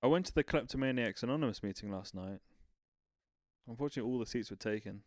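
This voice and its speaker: Brief: male co-host, relaxed joke teller, dry close recording. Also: medium pitch, no echo. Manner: easygoing, quick to react with laughs. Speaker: podcast co-host. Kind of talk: casual chat, telling jokes.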